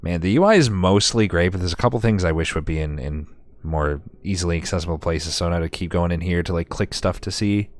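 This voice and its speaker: A man's voice: low-pitched, fast. A man streamer giving casual gameplay commentary, chatty and sarcastic with himself, swearing often.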